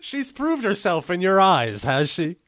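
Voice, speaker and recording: A man's voice: high voice, huge pitch swings, a little slow, a bit bright, no echo. A man hosting a podcast, chatting casually with teasing, sarcastic humor and frequent laughs. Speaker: podcast host. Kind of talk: casual chat.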